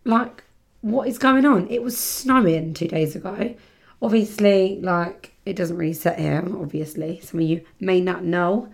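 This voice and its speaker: A woman's voice: on the low side, unhurried, vocal fry. A British woman hosting a casual solo podcast, chatting in a rambling way, full of fillers and self-corrections. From Britain. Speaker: podcast host. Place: home setting near the seaside.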